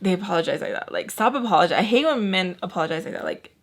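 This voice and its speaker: A woman's voice: medium pitch, lively intonation, racing. Chatty young woman telling a story. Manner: chatty, filler-heavy, indignant. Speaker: vlogger telling a nanny story. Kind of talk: casual storytime. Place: at home doing makeup.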